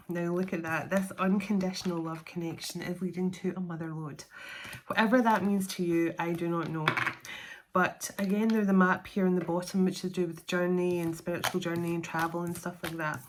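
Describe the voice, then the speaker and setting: Female card reader, lower register, measured keyword-by-keyword delivery. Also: level tone, slight background noise. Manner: reads card keywords out as slow lists. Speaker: tarot and oracle card reader. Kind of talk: card reading for viewers.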